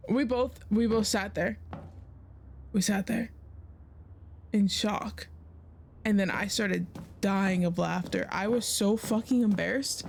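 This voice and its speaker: A woman's voice: medium pitch, slow pace, long pauses, a little hiss or hum. A young woman streaming a game, chatting casually and telling a story full of swearing. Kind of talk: casual gameplay chat and storytelling.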